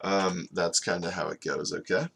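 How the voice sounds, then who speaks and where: A man teaching storyboarding in a casual screen-recorded tutorial, talking in a relaxed, conversational way and often checking in with "okay?". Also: sits low, moderate pace, vocal fry, slight background noise. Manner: relaxed and conversational, with frequent fillers. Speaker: animation storyboard instructor.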